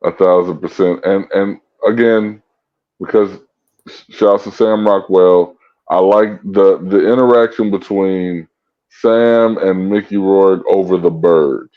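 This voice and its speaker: A man's voice: sits low, steady tone, slow pace. Enthusiastic man on dull lo-fi audio. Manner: enthusiastic, laughs easily. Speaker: podcast co-host. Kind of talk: casual chat.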